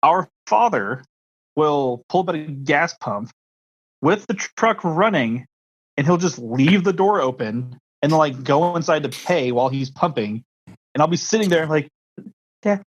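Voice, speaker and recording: A man's voice: on the high side, animated, measured pace, dull audio. A man co-hosting a podcast, telling an awkward story in a rambling, self-deprecating way. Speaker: podcast co-host. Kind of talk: casual chat.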